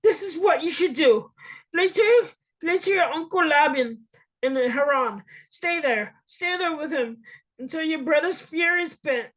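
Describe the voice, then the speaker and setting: A woman's voice: sits high, animated, unhurried, pitched above the performer's own voice, poor audio. A woman voicing an anxious mother who urgently tells her son to flee. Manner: urgent, insistent.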